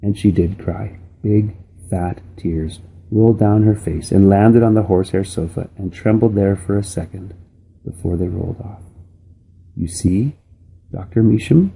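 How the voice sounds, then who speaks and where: Gravelly man reading a children's novel. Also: sits low. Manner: steady, unhurried storybook reading. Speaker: reader.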